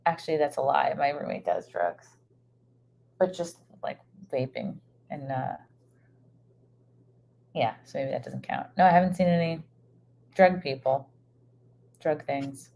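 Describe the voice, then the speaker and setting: A woman's voice: low voice, animated, measured pace, gravelly, pauses often, darkish tone. A woman comedian chatting casually on a live stream in a hotel room, rambling and scatterbrained with plenty of fillers. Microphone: microphone set up for streaming.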